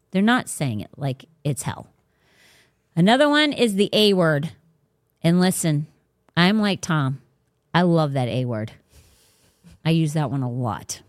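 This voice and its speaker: A woman's voice: fairly low pitch, no room sound. Emphatic woman host, casual faith talk, dry close sound. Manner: blunt, emphatic, preachy. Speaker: podcast host.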